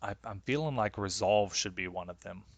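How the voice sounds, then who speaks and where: A man's voice: on the low side, moderate pace, dry recording. A man running a tabletop game as game master, talking with many hesitations and fillers.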